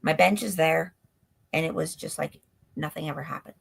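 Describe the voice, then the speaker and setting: Low-pitched and gravelly with a breathy edge, this woman talks at normal speed. She appears as a guest on a live stream, telling an interview story in a breathless, run-on rush stuffed with "like", via a stream call mic.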